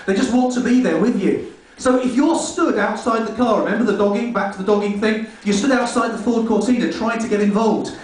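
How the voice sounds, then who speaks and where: Stand-up comic, high-pitched, rude and rambling, live from a very echoey club, mic distant. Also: male voice. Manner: rambling, rude, self-mocking. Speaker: stand-up comedian. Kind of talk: stand-up comedy set. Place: comedy club stage. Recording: echoey club room from far off.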